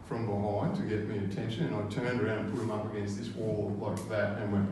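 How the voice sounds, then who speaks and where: A man's voice: fairly low pitch, flat delivery, brisk, few pauses, a little mellow, a little hiss or hum. An Australian man telling a true story on stage at a live event, rambling and casual and swearing freely. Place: live arts venue stage. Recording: roomy live hall from a distance.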